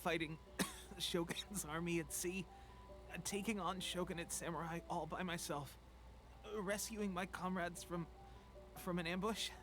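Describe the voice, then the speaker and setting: An actor playing a weakened young soldier in a video game who coughs and speaks in an earnest, halting way. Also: male voice, a little high, close to an everyday voice. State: weak, coughing.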